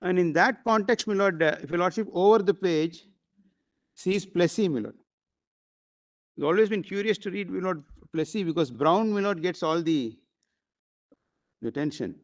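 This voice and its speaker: High-voiced advocate. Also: male voice, moderate pace, long pauses. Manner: formal, deferential, repeats the court address often; hesitant at times, with fillers and restarts. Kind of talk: courtroom argument.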